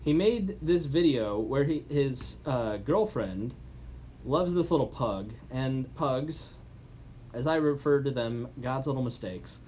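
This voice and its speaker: Chatty male podcast host, mid-pitched. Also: lively intonation, slow pace, a little mellow, slight background noise. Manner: chatty, with frequent restarts and fillers. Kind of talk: casual chat.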